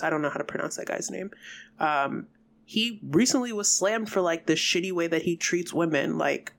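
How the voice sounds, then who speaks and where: Casual podcast co-host, blunt and emphatic, mid-pitched voice. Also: moderate pace, fairly bright tone. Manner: blunt, swears freely, emphatic. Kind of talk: casual chat.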